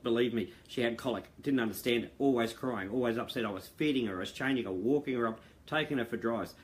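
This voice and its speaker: A man's voice: mid-range voice, quick pace, hardly any pauses. A middle-aged man talking earnestly to members on a video call, rambling with fillers and restarts. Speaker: founder addressing members. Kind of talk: casual monologue to viewers. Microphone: video call mic.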